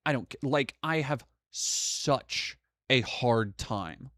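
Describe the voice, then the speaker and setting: A man's voice: medium pitch, expressive, slow, a bit bright, no echo, studio quality. A young man hosting a live stream, chatting casually and reading donations, rambling with frequent restarts and swearing. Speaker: streamer host.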